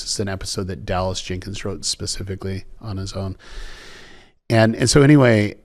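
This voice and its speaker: A man guest in an interview, telling a story with energy, acting out quoted voices and often repeating words. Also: fairly low pitch. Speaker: executive producer guest.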